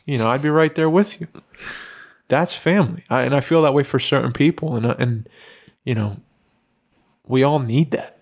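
A man talking casually on a podcast, earnest and reassuring, swearing casually and slowing down to stress his points. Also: mid-range voice. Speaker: podcast co-host.

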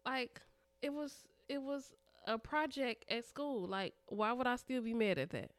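A woman's voice: fairly high pitch, unhurried, dry recording. Earnest woman, dry close sound. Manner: earnest, reflective storyteller. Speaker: podcast co-host. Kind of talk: casual chat.

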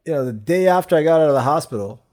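A man co-hosting a casual podcast, telling animated stories, acting out conversations and laughing often while recovering from a stroke. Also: on the high side, racing. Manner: animated storyteller, acts out quoted exchanges, laughs often. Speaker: podcast co-host. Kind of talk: casual chat.

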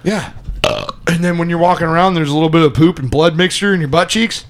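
A man co-hosting a podcast, bantering crudely with loud, profane outbursts. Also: a little high, fast talker. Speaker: podcast co-host.

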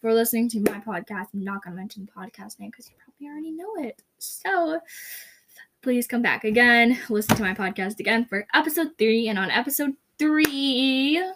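A woman's voice: fairly high pitch, lively intonation, normal speed, fairly bright tone. A young woman hosting her first podcast, rambling and self-conscious, with a faint hiss in the background. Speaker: podcast host. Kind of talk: casual podcast outro.

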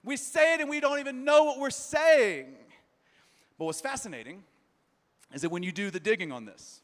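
Man, high voice, pastor's sermon, chatty storytelling, long hall echo. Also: normal speed, a bit bright. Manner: conversational, self-deprecating storytelling with frequent fillers.

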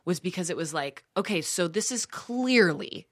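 A podcast host in casual chat, recounting a news story with many pauses and fillers. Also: medium pitch, lively intonation, dry recording, clean studio sound.

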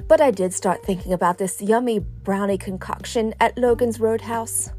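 A woman's voice: medium pitch, normal speed, mellow, faint music behind. A middle-aged woman talking playfully and teasing herself in a personal vlog, chatting straight to her viewers. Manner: playful, self-mocking, talks straight to viewers. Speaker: vlogger.

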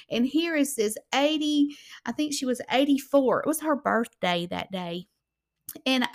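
Southern woman, middle-aged, personal testimony, heartfelt, fairly high voice. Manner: heartfelt, animated, acts out voices. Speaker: speaker telling a personal testimony.

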